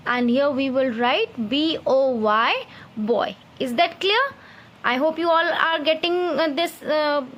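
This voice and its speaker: A woman with an Indian English accent teaches young children, her voice set high. She speaks patiently, spells each word letter by letter and checks that the class is following with questions. She has the steady manner of a classroom teacher.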